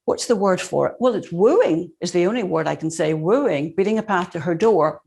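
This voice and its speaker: A woman's voice: lowish voice, gravelly, a little mellow. A woman hosting an online motivational talk, introducing her guest with effusive, exclamatory praise. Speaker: host. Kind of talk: enthusiastic video call interview intro.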